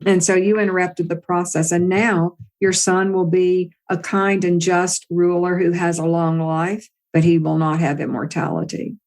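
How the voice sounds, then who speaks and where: A majestic goddess speaking with stern, solemn reproach, as told by a woman narrator. Her voice sits a little higher than the teller's own deep tone, measured and grave. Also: steady tone, a little mellow, natural voice.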